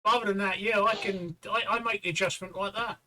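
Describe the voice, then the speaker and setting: A man's voice: sits high, steady tone, a little fast, sharp tone. An older man co-hosting a casual livestream chat, full of teasing banter. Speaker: co-host.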